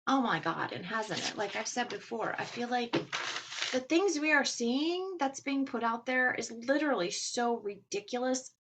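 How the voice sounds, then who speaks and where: A woman with a Texas drawl chats on her own podcast in an easygoing, rambling way, filling her pauses with ums. She talks as if to friends, now and then breaking into a small laugh. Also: on the high side, animated, noisy background. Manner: chatty, with frequent ums and laughs. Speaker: podcast host. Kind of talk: casual chat and reading aloud.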